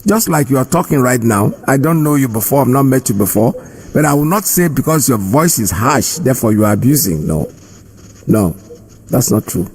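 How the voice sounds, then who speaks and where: A man's voice: mid-range voice, expressive, moderate pace, darkish tone, slightly rough. A man hosting a radio call-in show, talking firmly and conversationally as he lectures callers. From Nigeria.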